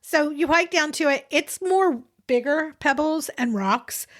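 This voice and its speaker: A woman co-hosting a podcast chats casually about a trip, giggling and laughing often and frequently restarting her sentences. Her high-pitched voice is unhurried and a bit bright.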